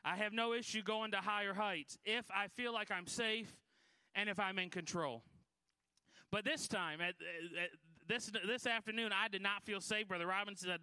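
A man's voice: high voice, fairly even intonation, normal speed, pushed and bright, smooth, dry recording. A middle-aged man from Michigan preaching as a guest at a Pentecostal church, telling a folksy, self-deprecating story with many restarts. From Michigan, USA. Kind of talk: Pentecostal sermon with personal story.

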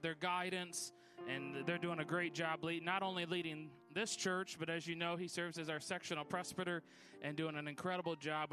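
A middle-aged man from Michigan preaching as a guest at a Pentecostal church, telling a folksy, self-deprecating story with many restarts. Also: high-pitched. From Michigan, USA. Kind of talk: Pentecostal sermon with personal story.

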